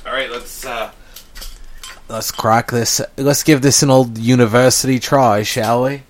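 A man's voice: medium pitch, fairly even intonation. A man hosting a casual beer review, reading the label aloud in a wry way. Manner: slow, wry, reads labels aloud jokingly.

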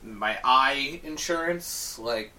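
A man in casual chat, ranting in an exasperated, animated way with heavy swearing. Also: medium pitch, takes it slowly, recorded from a distance.

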